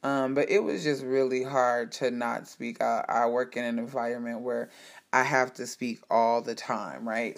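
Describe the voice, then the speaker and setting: A woman speaking straight to her audience in a candid personal monologue, heartfelt and emphatic, with frank swearing. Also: a bass voice.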